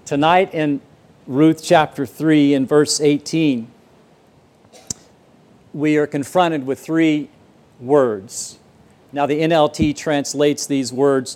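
Male pastor, slightly higher voice, earnest storyteller, sermon delivery. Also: fairly even intonation, takes it slowly, pauses often, darkish tone. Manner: earnest storytelling, repeats words when starting a sentence. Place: church auditorium.

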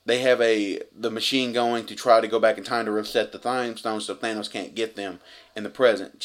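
A man excitedly retelling a superhero movie scene by scene, cursing freely and rambling. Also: medium pitch. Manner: profane, effusive, rambling retelling. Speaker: movie reviewer.

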